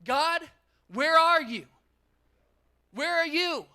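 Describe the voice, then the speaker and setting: A man voicing a distressed man loudly complaining and pleading to God. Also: very high voice, drawn-out words, voice pushed up, exaggerated voice.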